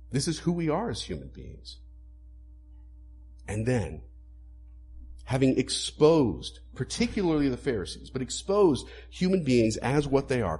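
A man preaching a sermon to a congregation, animated, acting out quoted lines as he explains. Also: medium pitch. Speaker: pastor.

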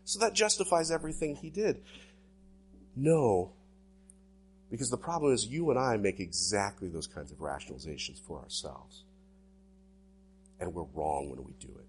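Guy pastor giving a sermon, kinda husky voice, pitch jumps all over. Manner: animated preaching, sweeping pitch swings.

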